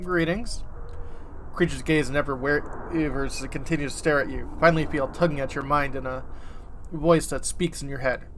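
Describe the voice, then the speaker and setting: A man's voice: medium pitch, fairly even intonation, a little fast, noisy background. A man hosting a let's play, reading game text aloud casually with asides and self-corrections.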